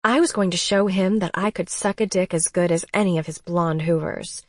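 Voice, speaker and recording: A woman's voice: lowish voice, normal speed, no room sound, studio quality. A woman narrating a first-person romance audiobook in an intimate, emotional way.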